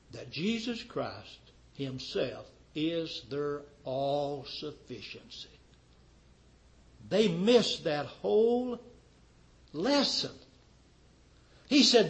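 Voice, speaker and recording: A man preaching a sermon with fervor, firing rhetorical questions at his congregation and swinging from loud declarations to quiet, dropped endings. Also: a little high, very animated, extremely slow, long pauses, poor audio. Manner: fervent, rhetorical questions, wide swings in loudness.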